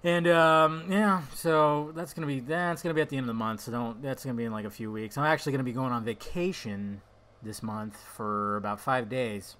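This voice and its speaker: A man's voice: medium pitch, fairly even intonation, a little fast, fairly bright tone. A young adult man hosting his own podcast, rambling casually from topic to topic with frequent tangents and swearing. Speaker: podcast host.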